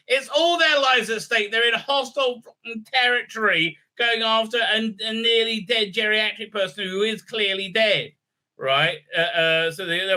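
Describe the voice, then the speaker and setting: Male reviewer, high, piercing voice, sarcastic and profane ranter. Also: a little slow, sharp tone. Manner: sarcastic, profane, stammering fillers. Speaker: show reviewer. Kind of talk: ranting recap commentary.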